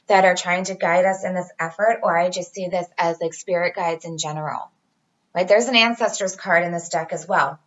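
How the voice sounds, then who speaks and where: A woman's voice: on the low side, muffled recording. A woman giving a casual tarot reading to her viewers, chatty and reassuring, talking straight to them. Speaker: tarot reader.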